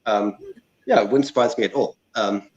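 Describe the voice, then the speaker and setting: A man's voice: lowish voice, moderate pace, darkish tone. A man with a plummy English accent tinged with South African, chatting and laughing easily as a guest cook on a live cooking stream. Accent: English with a slight South African tinge. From Malaysia. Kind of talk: live cooking demonstration chat. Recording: echoey room, dull lo-fi sound.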